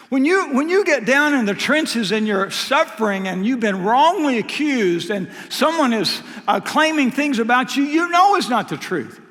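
A man preaching a sermon with passion, swinging from loud emphatic peaks down to quiet, low asides. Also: big pitch swings, moderate pace, few pauses. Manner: impassioned, rising to loud emphatic peaks then dropping low. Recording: long reverb of a large hall.

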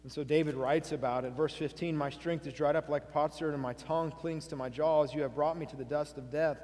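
A man's voice: on the high side, steady tone, fairly quick, a little mellow. A male pastor preaching a sermon, earnestly asking his congregation questions and reading scripture aloud. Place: church sanctuary. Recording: long hall reverb.

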